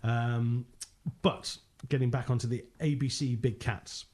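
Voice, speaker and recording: A man, a ghost hunter telling animated anecdotes in casual podcast chat, laughing often and acting out quotes. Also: medium pitch, a little slow.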